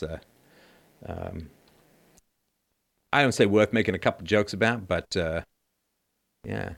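A man's voice: low-pitched, takes it slowly, creaky, long pauses, fairly bright tone. A middle-aged man hosting a show, reading news stories aloud and cutting in with mocking, jokey asides and laughter. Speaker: podcast host. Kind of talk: sarcastic news commentary.

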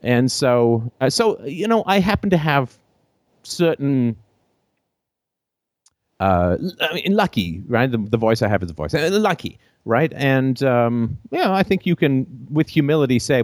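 A British-accented man hosting a call-in show, talking off the cuff in an animated way, laughing often between phrases, with a theater-trained voice. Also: mid-range voice, a little slow, no echo, clean studio sound. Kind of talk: unscripted call-in show monologue.

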